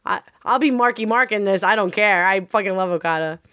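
A woman's voice: medium pitch, a little fast, bright, forceful tone, clear, resonant tone, no room sound, clean studio sound. A woman co-hosting a casual wrestling podcast, gushing and laughing often, swearing freely. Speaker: podcast co-host. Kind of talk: casual chat.

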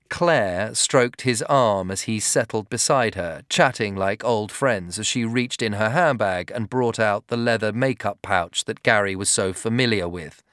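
A man reading a story aloud in a measured storytelling manner. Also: lowish voice, fairly bright tone, dry recording, clean studio sound. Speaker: narrator. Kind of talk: scripted narration.

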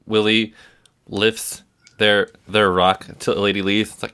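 A man playing in a tabletop role-play game, rambling and halting, with many fillers. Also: on the low side, little pitch movement, sharp tone, smooth. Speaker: player.

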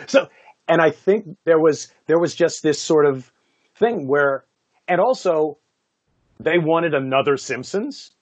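A man, a voice actor, telling stories from his career in a casual interview, animated and laughing often, with many "you know" fillers. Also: a little high, a little slow, no room sound. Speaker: voice actor guest.

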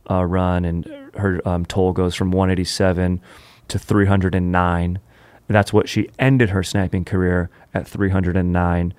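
A man hosting a comedy podcast, telling a history story in an animated, joking way full of puns. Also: sits low, no room sound. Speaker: podcast host.

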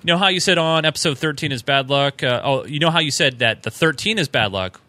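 Male podcast co-host, bright tone, loose chatty delivery reading fan mail. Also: fairly high pitch, fast, no room sound. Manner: reads emails aloud with fillers and chuckles. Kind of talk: casual podcast chat.

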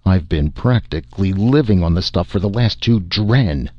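A man's voice: low voice, lively intonation, normal speed, no room sound, dull audio. A man voicing a gloomy, exasperated alien base commander who overstates everything. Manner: despairing, exasperated.

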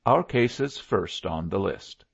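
A man reading as a frontier lawman, a plainspoken man with a gravelly, husky voice. His pitch rises and falls freely. The recording is dull and lo-fi. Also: lively intonation, unhurried, heavily acted. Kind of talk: audiobook character voice.

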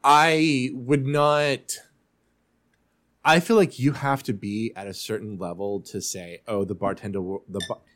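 Guy on a podcast recapping reality tv, kinda low voice, chatty and quick with asides. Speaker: podcast co-host. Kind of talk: casual chat recapping a TV show.

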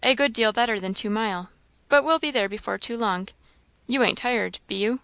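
A woman voicing a gruff, plain-spoken country farmhand man with rustic, drawling speech. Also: on the high side, moderate pace, fairly bright tone, dry recording. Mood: easygoing.

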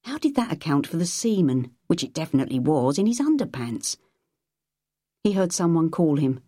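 A woman narrates an audiobook, her voice sitting low and her storytelling even and measured. Studio quality, no echo.

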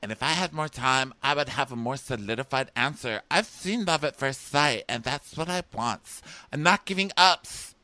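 A man voicing a woman on a dating show, a mother, in a mocking high falsetto. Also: moderate pace, few pauses, pushed and bright, natural voice. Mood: melodramatic.

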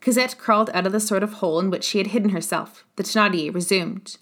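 A woman narrating a classic novel as an audiobook, in a measured, steady reading. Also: medium pitch.

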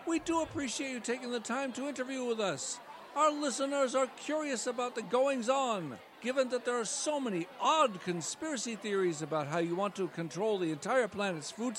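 A man's voice: very high voice, slight background noise. A man voicing a pompous male cat news anchor in a mock-formal broadcast delivery.

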